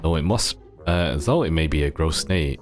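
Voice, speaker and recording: A man reading aloud the flowery, formal lines of a pompous gentleman adventurer in a game. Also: a bass voice, lively intonation, moderate pace, music in the background. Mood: grandiose.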